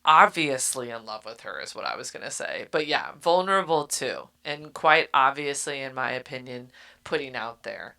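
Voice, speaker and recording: A young woman co-hosting a podcast, retelling a book's scenes in a loose, animated way with lots of "like" and laughter. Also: very deep voice, moderate pace, vocal fry. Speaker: podcast co-host. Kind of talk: casual book-club chat.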